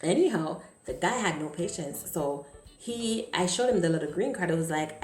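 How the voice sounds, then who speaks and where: A woman vlogger telling a dramatic personal story in an animated way, often stammering. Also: on the low side, a little fast. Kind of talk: storytime vlog. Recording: echoey room, faint music.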